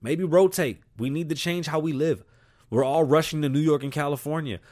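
A podcast host rants solo with heavy profanity, shifting back and forth between English and Spanish. His voice is a little high, brisk, and a little mellow.

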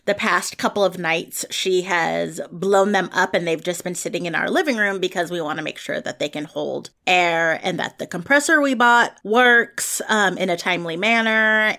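A woman co-hosting a podcast in relaxed, casual chat, laughing often as she talks. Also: on the low side. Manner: easygoing, laughs often while telling things. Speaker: podcast co-host.

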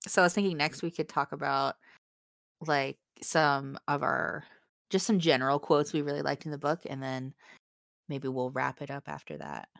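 A woman's voice: sits low, normal speed, gravelly, dry recording, studio quality. A young woman co-hosting a casual book podcast, gushing and giggling as she reads favorite quotes aloud. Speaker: podcast co-host.

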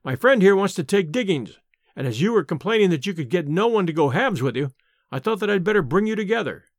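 A man's voice: sits high, lively intonation, quick pace, no room sound, clean studio sound. A man reading a jovial young fellow. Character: friendly young male medical acquaintance. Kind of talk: audiobook character reading.

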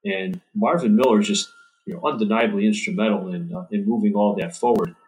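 Deep-voiced man, author guest. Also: a little fast, a little mellow, low-quality recording. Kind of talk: interview answers.

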